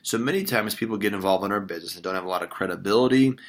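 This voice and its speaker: A man training a new recruit in a sales phone script, energetic and full of praise. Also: low voice, rapid-fire.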